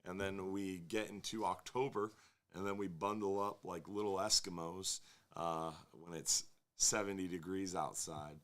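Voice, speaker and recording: A man's voice: deep voice, steady tone, a little slow, a bit bright. A man hosting a casual live fishing show, rambling and joking with viewers. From Florida. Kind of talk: casual live-stream chat.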